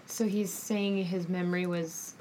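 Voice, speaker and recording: A woman's voice: fairly low pitch, flat delivery, unhurried, warm tone, a little hiss or hum. A woman co-hosting a casual podcast, asking questions and teasing with laughter. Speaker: podcast co-host. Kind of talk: casual chat.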